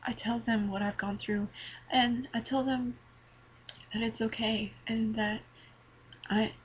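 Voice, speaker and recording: A teenage girl giving an earnest, halting personal testimony to her webcam, emotional and near tears, often repeating words. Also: a little high, fairly even intonation, a little hiss or hum, rough recording. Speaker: vlogger. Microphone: webcam mic.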